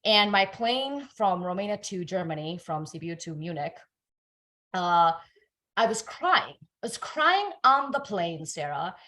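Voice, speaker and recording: A young adult woman telling her life story in a relaxed interview, lively and full of fillers and repeats. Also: lowish voice, a little slow. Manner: animated, many fillers and repeated words. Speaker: guest. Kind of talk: conversational storytelling.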